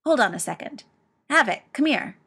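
A woman's voice: a little high, expressive, normal speed, slightly rough, pitched above the performer's own voice, exaggerated voice. A woman voicing a brash, hot-tempered young man who talks back indignantly and bosses people around. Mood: bossy. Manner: indignant, bossy, shouting.

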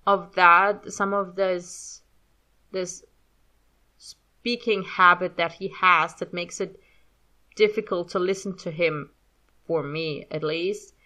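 A woman in her thirties with a faint German accent talks casually in a bright, forceful voice. She rambles, restarts her sentences and pokes fun at herself, ending thoughts on a shrug. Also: fairly low pitch. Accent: light German. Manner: chatty, self-deprecating, rambling with restarts. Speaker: fan audio reader. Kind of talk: casual spoken commentary.

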